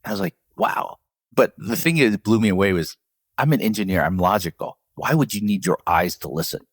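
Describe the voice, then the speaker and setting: A man with a very low, husky voice talks through an interview, telling stories from his career and laughing now and then. The sound is close and dry. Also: fairly quick, no echo. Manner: storytelling, animated when quoting others, laughs often. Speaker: CEO of a professional association, guest. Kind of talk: conversational interview answers.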